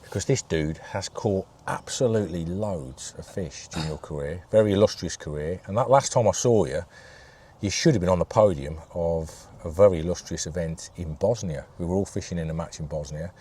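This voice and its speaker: Mellow, low-voiced host. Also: male voice, a little fast, husky. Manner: easygoing, lots of agreeing "yeah". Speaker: host interviewer. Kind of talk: casual interview.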